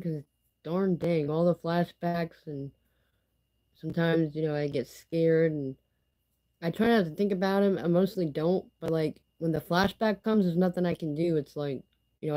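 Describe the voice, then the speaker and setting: Candid rambling woman, mellow voice. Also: low voice, low-quality recording. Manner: candid, rambling, full of fillers like "you know" and "like". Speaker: vlogger. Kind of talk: casual personal vlog monologue.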